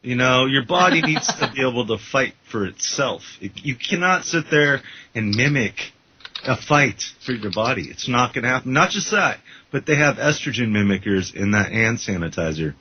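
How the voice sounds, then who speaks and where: A man's voice: medium pitch, expressive, normal speed, slight background noise. A man co-hosting a casual radio talk show, ranting with opinions and jokes. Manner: opinionated, joking rants. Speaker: radio co-host. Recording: dull lo-fi internet radio audio.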